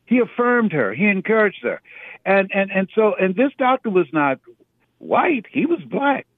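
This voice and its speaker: A man's voice: high voice, very animated, moderate pace, no room sound. A man giving a preacherly motivational talk as a radio guest, stressing his points by repeating words. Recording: tinny phone line.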